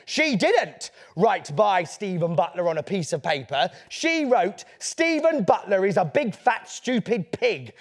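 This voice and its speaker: A man tells a story to children in a playful, theatrical way. His voice sits high and swoops all over the place, with a gravelly edge. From England. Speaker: children's author. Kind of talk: storytelling to a young audience.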